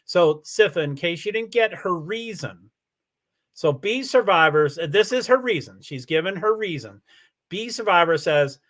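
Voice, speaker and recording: A man talks to his livestream viewers in a loose, rambling way, stopping and restarting his sentences. His voice sits high for a man. It swings up and down with a lot of life. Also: measured pace. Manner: rambling, animated, many restarts. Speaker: livestream host. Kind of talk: casual livestream chat, reading viewer comments.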